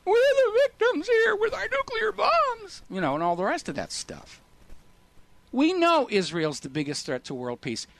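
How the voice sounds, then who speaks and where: High-voiced, sarcastic talk radio host. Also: male voice, fairly bright tone, no echo. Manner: indignant, sarcastic, emphatic. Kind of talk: political talk radio commentary.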